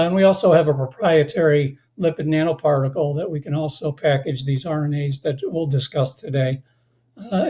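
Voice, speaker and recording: Webinar presenter, mellow tone, a bit hoarse, halting delivery full of fillers. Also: mid-range voice. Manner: halting, many filler sounds and restarts. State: slightly hoarse, losing voice. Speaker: company presenter.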